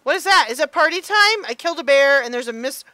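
A middle-aged mom chatting excitedly through a let's play, gasping and squealing as she goes. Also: sits high, fast talker, dry recording. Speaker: gamer mom playing a game.

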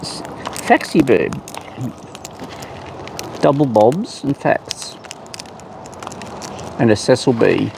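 A man chats playfully to wild birds at a slow, lingering pace, his pitch leaping up and down. His voice has a gravelly edge, and clear outdoor noise sits behind him. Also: very animated. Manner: playful, baby-talk to birds, chuckling. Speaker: bird feeder vlogger. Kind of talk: casual chat to wild birds. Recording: noisy outdoor recording.

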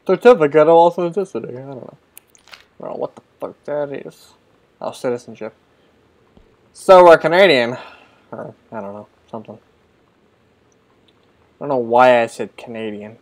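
A man's voice: mid-range voice, animated, moderate pace, long pauses, poor audio. A man hosting a gameplay video, joking around and swearing, with mumbled asides. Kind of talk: casual let's-play commentary.

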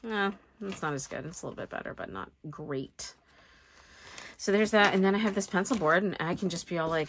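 Setting up her planner, this woman rambles and jokes about herself in a casual crafting chat. She speaks briskly and expressively in a lowish voice, with a little hiss or hum on the audio.

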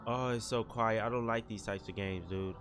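A man's voice: fairly low pitch, steady tone, normal speed, music in the background. A young man playing a horror game and commenting, jumpy and frightened, full of slang like bro and dude. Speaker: gaming YouTuber.

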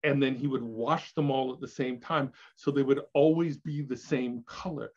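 An older actor telling candid stories as an interview guest, animated and laughing, with many restarts. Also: male voice, mid-range voice, normal speed. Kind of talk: candid storytelling chat. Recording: dull lo-fi audio.

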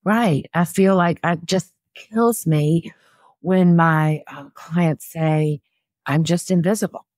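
A woman's voice: fairly low pitch, very slow, darkish tone, no room sound, clean studio sound. A woman who works as a personal stylist, giving practical style advice in a conversational interview. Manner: practical, explanatory, chatty.

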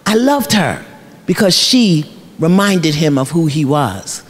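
A middle-aged life coach gives an expressive keynote at a measured pace, her lowish voice carrying a breathy edge through a large luncheon hall. The motivational speech is story-driven and preacherly, full of repeated phrases for emphasis and regular laughter.

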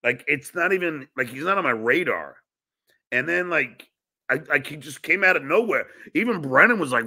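A middle-aged man hosting a podcast, profane and combative as he rants about a rival. His voice is gravelly and bright, and his pitch swings widely. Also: lively intonation, moderate pace. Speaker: podcast host. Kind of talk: casual podcast chat.

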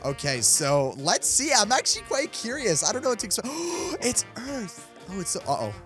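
A man hosting a gaming video, excitedly reacting to the game and reading its text aloud. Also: sits high, fairly quick, faint music behind. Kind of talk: excited gameplay commentary.

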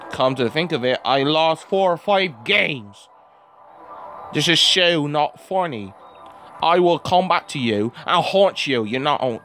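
Excitable man with a cold. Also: medium pitch. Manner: excitable, yells and groans at the game. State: has a cold, stuffy voice. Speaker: gaming channel host. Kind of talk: casual gameplay commentary.

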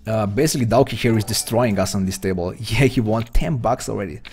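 Slovenian guy rambling thru his poker stream, kinda gravelly voice, little music in the back. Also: on the low side, fairly quick, a little mellow. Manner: rambling, hesitant, chatty. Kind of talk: live-stream commentary while playing.

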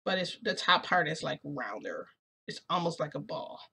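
A young woman casually telling a story as a vlogger, chatty and excitable, often saying "freaking". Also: low-pitched, normal speed, vocal fry, slightly rough.

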